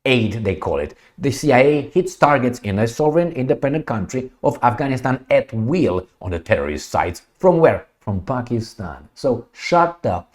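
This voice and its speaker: Blunt, animated male commentator. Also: mid-range voice, moderate pace, hardly any pauses. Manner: blunt, sarcastic, profane, emphatic rants. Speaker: political commentator. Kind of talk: opinionated commentary reading a news article.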